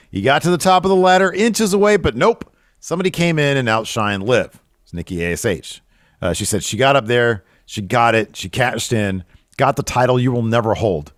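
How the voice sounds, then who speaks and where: A man co-hosting a podcast, recapping wrestling in casual chat and jumping up in pitch when he gets riled. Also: no echo, studio quality. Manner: excitable, jumps high when riled. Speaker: podcast co-host.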